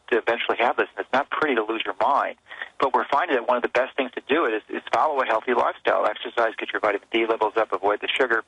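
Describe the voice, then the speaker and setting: A man's voice: medium pitch, a bit bright, husky, no echo, muffled recording. A man appearing as a physician guest on a radio show, earnestly explaining health advice with frequent restarts.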